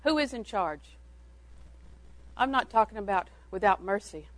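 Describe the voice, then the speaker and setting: A woman's voice: mid-range voice, expressive, a little slow, no room sound, low-quality recording. Folksy older woman telling stories. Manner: homespun, chuckles between anecdotes. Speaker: church speaker on parenting. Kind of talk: folksy storytelling talk to an audience.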